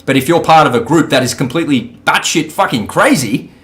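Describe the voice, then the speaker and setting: A man's voice: on the high side, expressive, fairly quick, a bit bright. An Australian man, a podcast guest, ranting angrily with heavy swearing. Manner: furious, profane, ranting. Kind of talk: angry podcast rant.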